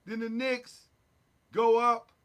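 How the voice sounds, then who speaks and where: A man hosting a casual sports talk show, recapping games in an animated, joking way with sound effects. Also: very high-pitched, takes it slowly, clean tone.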